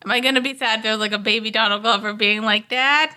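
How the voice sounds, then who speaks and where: A woman's voice: fairly high pitch, fairly even intonation, quick pace, bright, forceful tone. A young woman co-hosting a casual cartoon review chat, chatty and playful, with lots of fillers. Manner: chatty, many fillers, playful put-on voices. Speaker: co-host reviewing a cartoon episode.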